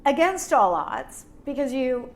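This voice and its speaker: A woman's voice: high-pitched, very animated, measured pace. Reflective woman host asking questions. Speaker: host, interviewer. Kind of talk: onstage interview. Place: small event room.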